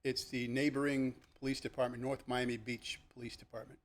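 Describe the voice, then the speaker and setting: Older retired police lieutenant telling stories. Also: male voice, fairly quick. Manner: animated, acts out the people in his stories with sharp jumps in pitch; conversational, with fillers and restarts. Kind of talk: podcast storytelling.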